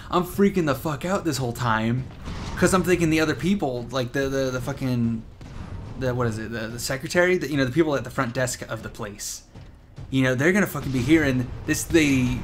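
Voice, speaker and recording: A gaming commentator with a mid-range voice rambles through a story while playing, swearing and laughing a lot. He's a young man, and game sounds and music play in the background with slight background noise.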